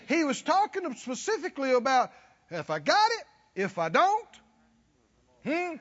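Very high-voiced, bright-toned male preacher. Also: sing-song, normal speed, big-room sound, muffled recording. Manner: emphatic, exhorting, fires rhetorical questions at the congregation. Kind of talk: sermon.

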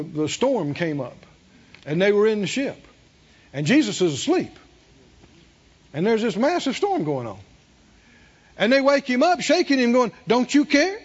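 A man's voice: high voice, darkish tone, breathy edge, dull audio. A man preaching a sermon, emphatic and repeating his phrases, with call-and-response to the congregation. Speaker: pastor.

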